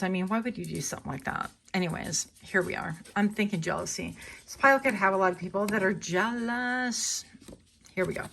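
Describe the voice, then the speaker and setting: A woman's voice: on the low side, vocal fry, fairly bright tone. A woman doing a casual, rambling tarot reading, talking in a chatty way and often correcting herself. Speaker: tarot reader.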